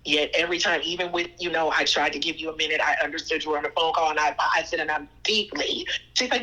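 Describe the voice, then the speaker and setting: She talks fast in a low-pitched voice, a guest recounting her own experiences in conversation while animatedly mimicking the people she quotes. The audio is poor.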